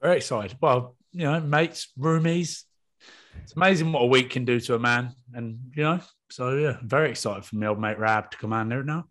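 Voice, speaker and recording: A man's voice: mid-range voice, normal speed, fairly bright tone. A man in his thirties, a rugby player co-hosting a podcast, chatting and joking in a casual way. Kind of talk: casual chat.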